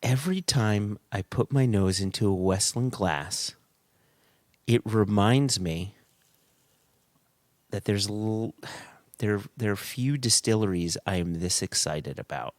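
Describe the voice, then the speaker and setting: Middle-aged man with a low, dry voice. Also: slow, dry recording. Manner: animated storyteller, laughs at himself. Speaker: podcast co-host. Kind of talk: casual podcast chat.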